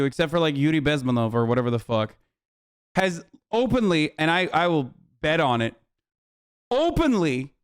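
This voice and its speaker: A man's voice: fairly high pitch, clean tone. A man streaming a reaction to a documentary, ranting in a heated, profane, sarcastic way. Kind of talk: casual reaction commentary.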